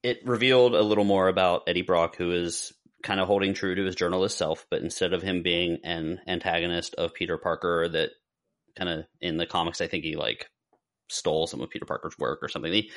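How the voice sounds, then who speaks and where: Deep-voiced man in casual podcast chat. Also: steady tone, quick pace, fairly bright tone. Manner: rambling, self-correcting, lists names. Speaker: podcast co-host.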